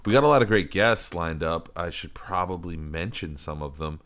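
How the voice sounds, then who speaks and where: A man's voice: sits low, normal speed, a bit bright. A man co-hosting a podcast in loose, rambling casual chat, full of fillers and restarts. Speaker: podcast co-host.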